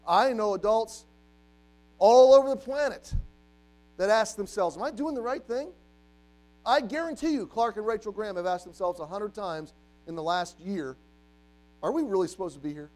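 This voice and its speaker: A man in his forties preaching a sermon as a youth pastor, animated, acting out the voices of doubters and the devil. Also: sits high, moderate pace, long pauses, faint music behind, poor audio.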